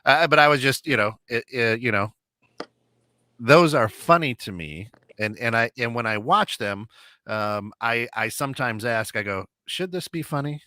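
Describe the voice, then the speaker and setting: A man's voice: mid-range voice, moderate pace, sharp tone, no room sound, clean studio sound. A man co-hosting an internet radio talk show, chatting casually and telling rambling stories full of restarts and acted-out quotes. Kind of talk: casual chat.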